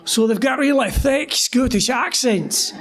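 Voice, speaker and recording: An older male musician telling animated anecdotes live in front of an audience at a bar, laughing often as he talks. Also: very high voice, a little slow. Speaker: musician guest. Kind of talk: live on-stage storytelling.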